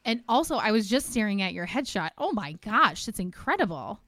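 A woman co-hosting a podcast, speaking in a quick, effusive way with many fillers. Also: mid-range voice, big pitch swings, a bit bright, no room sound. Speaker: podcast co-host. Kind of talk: casual podcast chat.

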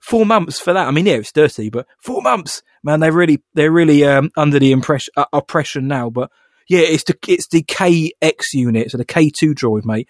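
A man co-hosts a podcast, chatting casually and rambling along with fillers and laughs. His voice is on the high side and animated, at a moderate pace, recorded with studio quality and no room sound.

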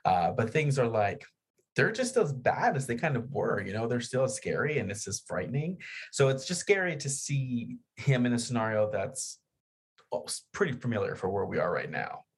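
A man's voice: medium pitch, very animated, moderate pace, husky. A man co-hosting a horror podcast, chatting casually with many fillers as he retells scenes. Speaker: podcast co-host. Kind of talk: casual film discussion.

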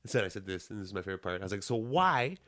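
A man telling a long story in casual chat, rambling with many restarts and getting loud and riled as he retells it. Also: sits low, little pitch movement, very fast.

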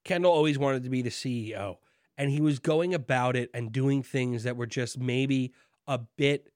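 Man, casual podcast chat, jokey and animated, dry close sound. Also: mid-range voice, normal speed, no room sound. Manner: animated, jokey, acts out lines from the show. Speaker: podcast co-host.

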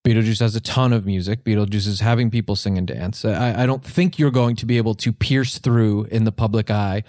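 A man improvising a comedy scene as an earnest songwriting teacher, rambling through ideas, his pitch jumping up when he gets excited. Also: a little fast, no echo, studio quality. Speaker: comedy podcast host playing a songwriting teacher.

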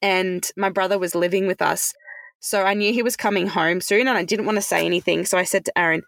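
Chatty woman with gravelly fry. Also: lowish voice, steady tone, fairly quick, a bit bright, no room sound. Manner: chatty, many fillers like "like" and "um". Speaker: podcast guest. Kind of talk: casual conversational storytelling.

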